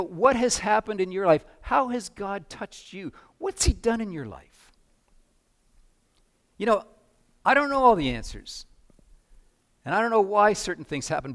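Man preaching in a fairly high voice. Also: fairly bright tone. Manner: conversational preaching with dramatic readings and frequent repeated words. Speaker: pastor. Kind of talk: sermon.

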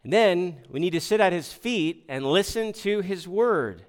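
Preaching to his congregation, this pastor speaks in a high, expressive voice at a measured pace, clear and resonant. He talks conversationally, poses rhetorical questions, and often starts his words over.

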